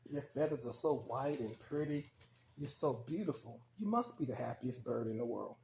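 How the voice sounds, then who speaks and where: A man's voice: mid-range voice, animated, moderate pace, creaky, darkish tone, slight background noise. Guy telling it as a gloomy raven, kinda whiny, echoey room. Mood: plaintive. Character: sad, self-pitying male raven.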